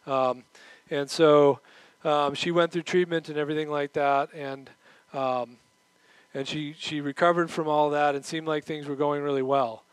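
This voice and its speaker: Middle-aged man, sermon delivery, animated storyteller, higher-pitched, dry booth-like sound. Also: a little slow, clean tone, dry recording, low-quality recording. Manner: animated, acts out quoted voices; moves around while preaching. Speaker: pastor.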